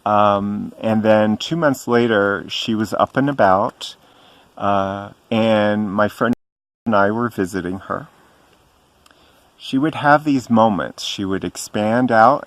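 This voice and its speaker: A middle-aged man telling a personal story to camera in a gentle, reverent way, pausing often with ums. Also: on the low side, no echo. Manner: slow and hesitant, frequent ums and pauses. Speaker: spiritual vlogger.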